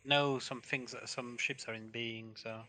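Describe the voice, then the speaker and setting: A man's voice: mid-range voice, steady tone, unhurried, bright, forceful tone. A man chiming in with brief, dry remarks during a casual gameplay chat. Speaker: co-commentator.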